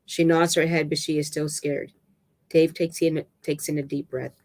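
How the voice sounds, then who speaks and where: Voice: medium pitch, little pitch movement, gravelly. A reader narrating a dramatic novel aloud, stumbling and restarting words now and then. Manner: halting reading with restarts and stumbles.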